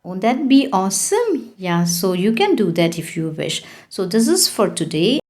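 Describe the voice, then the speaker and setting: A woman's voice: mid-range voice, big pitch swings, moderate pace, darkish tone. A woman teaching a French lesson online, patiently repeating answers and putting questions to her class.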